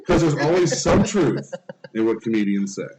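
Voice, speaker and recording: A man co-hosting a nerdy podcast, trading teasing, mock-serious jabs with his friends. His voice swings widely in pitch and sits at a middle height. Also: big pitch swings, normal speed, background noise. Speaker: podcast co-host. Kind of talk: casual chat.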